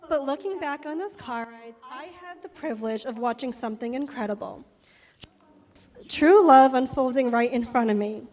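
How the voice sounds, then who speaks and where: A woman's voice: sits high, moderate pace, a little mellow, big-room sound. A woman, the bride's sister, giving a nervous wedding toast, laughing and stumbling over her words at a reception.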